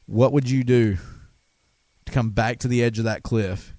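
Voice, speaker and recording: A man's voice: medium pitch, steady tone, normal speed, mellow, no room sound. A man hosting a talk radio show, delivering an impassioned, emphatic monologue with frequent restarts. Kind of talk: conspiracy talk radio rant.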